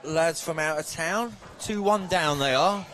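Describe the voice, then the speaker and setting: A man's voice: on the high side, measured pace, a bit bright, a faint crowd. A man co-commentating a pool match from a commentary box, laid-back and agreeable with technical remarks. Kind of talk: live sports commentary.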